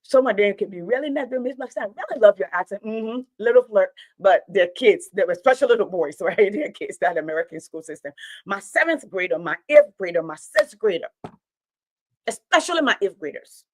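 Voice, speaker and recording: A woman's voice: mid-range voice, expressive, moderate pace, no room sound, rough recording. A woman, a teacher talking straight to her online audience in an impassioned, preachy monologue, repeating her points for emphasis.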